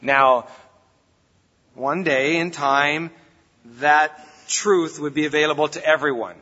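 A pastor preaches a sermon in a conversational, folksy style, captured in a reverberant church hall with a dull, lo-fi sound. His fairly high voice is steady, slow, bright, and forceful.

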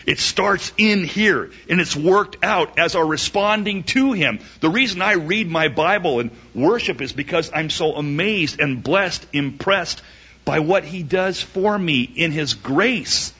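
A man preaching a sermon emphatically, asking rhetorical questions and swinging his pitch up and down. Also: lively intonation, a little slow, pushed and bright, slightly rough. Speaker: pastor. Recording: dull lo-fi recording.

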